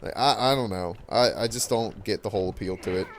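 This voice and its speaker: A man's voice: lowish voice, brisk, a little hiss or hum. A teenage boy ranting casually over gameplay, rambling with lots of fillers and restarts in a puzzled tone. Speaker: gaming channel host.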